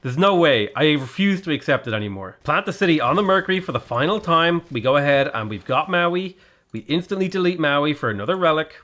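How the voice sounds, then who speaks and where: Animated, exasperated gaming commentator man. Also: a little high, brisk. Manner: exasperated, self-mocking, rambling. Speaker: gaming video creator. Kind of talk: casual gameplay commentary.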